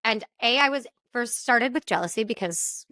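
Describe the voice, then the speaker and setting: A bubbly, high-energy young woman, a stage performer, chats as a podcast guest. Her slightly high voice is bright and sharp, recorded close and dry. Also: expressive, normal speed, no room sound. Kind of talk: casual interview chat.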